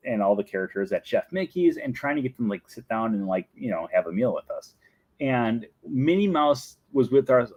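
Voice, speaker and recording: Young male host, chatty and rambling, with a lively voice and a dry, close sound. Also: on the low side, dry recording. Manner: chatty, rambling, laughs often. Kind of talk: casual chat answering viewer questions.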